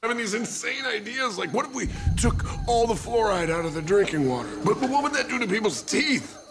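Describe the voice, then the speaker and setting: An actor playing a raspy, strained older man who rambles haltingly and giggles through wild ideas in a sketch comedy impression. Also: sits high, animated, over music. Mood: manic.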